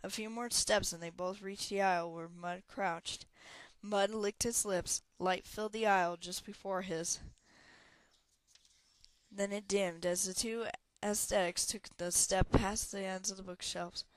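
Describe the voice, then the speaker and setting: A woman reading a fantasy novel aloud with steady, even storytelling. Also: medium pitch, measured pace, low-quality recording. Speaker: audiobook reader.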